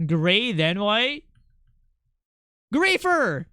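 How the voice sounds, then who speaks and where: A young man streaming while he draws, chatting casually and excitably, laughing often and swearing now and then. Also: high-pitched, measured pace, clear, resonant tone, no echo, studio quality. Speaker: art streamer. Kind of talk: casual live-stream chat.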